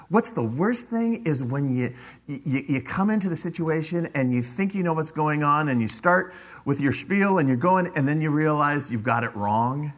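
A man's voice: a little high, a bit bright. A man preaching a sermon as a pastor, emphatic and often repeating words as he drives a point home. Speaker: father.

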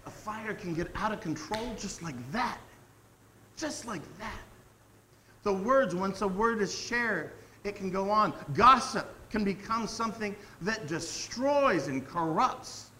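A middle-aged man preaching a casual sermon, earnest and animated, slowing down to stress key words. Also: sits high, slight background noise, rough recording. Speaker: pastor.

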